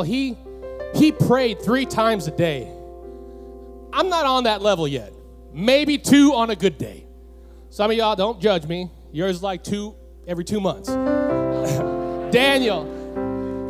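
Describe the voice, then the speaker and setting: A pastor preaching a sermon with passion, repeating lines and building up to shouts. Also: male voice, high-pitched.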